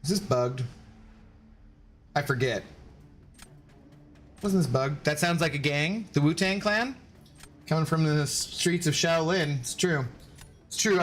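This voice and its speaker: A man's voice: a little high, fairly bright tone. A man chatting casually on a gaming livestream, laughing often, swearing loosely and thanking viewers by name. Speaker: streamer.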